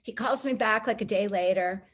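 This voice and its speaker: A middle-aged woman telling a personal story as an interview guest, lively and acting out the people she quotes. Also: medium pitch, moderate pace. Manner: animated, acts out quoted voices.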